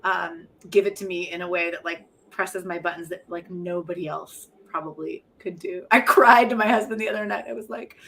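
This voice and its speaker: A woman's voice: on the low side, fairly even intonation, fairly quick, vocal fry, few pauses, a bit bright. Candid, self-mocking woman talking about motherhood. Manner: reflective, frank, often laughing at herself. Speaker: interview guest, poet and professor. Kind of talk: candid conversational interview.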